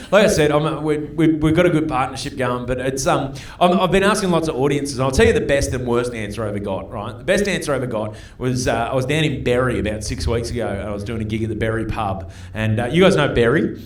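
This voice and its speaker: A man in his forties with an Australian accent doing live stand-up comedy, chatty and profane, often checking in with the crowd with quick asides. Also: mid-range voice, animated, a little hiss or hum. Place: comedy club stage. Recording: roomy live club sound from a distance.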